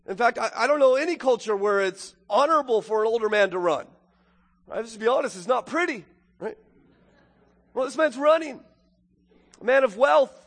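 A man preaching a sermon, swinging from booming exclamations to hushed, intimate asides. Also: big-room sound. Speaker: pastor.

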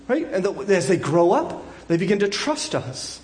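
A man in his thirties preaching a sermon in a conversational way, full of asides and restarts, at times crying out loudly. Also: sits high, very animated, normal speed, reverberant. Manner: conversational, frequent restarts and asides, rising to loud emotional cries. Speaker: pastor.

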